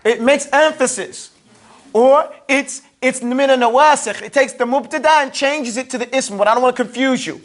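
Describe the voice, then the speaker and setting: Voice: high voice, moderate pace. A teacher giving a classroom grammar lesson, drilling students with playful call-and-response questions. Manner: playful, teasing.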